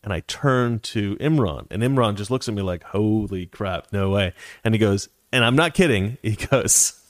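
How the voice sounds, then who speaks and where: Animated man telling a story. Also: on the low side, moderate pace, no echo, studio quality. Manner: animated, acts out quoted voices, chuckles while telling. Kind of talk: casual anecdote.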